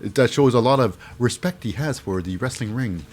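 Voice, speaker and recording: A man's voice: medium pitch, animated, a little fast, a little mellow, faint music behind. A man giving a casual, jokey recap of a wrestling show. He rambles and fills his talk with "uh" and "you know".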